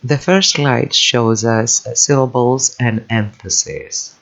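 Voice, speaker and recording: A man with as his teaching from slides, patient and careful, pronouncing words clearly for the listener to repeat. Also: medium pitch, fairly bright tone. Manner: slow, patient, enunciates words for repetition. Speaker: language teacher. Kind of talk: recorded slide lesson voice-over. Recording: dull lo-fi voice-over.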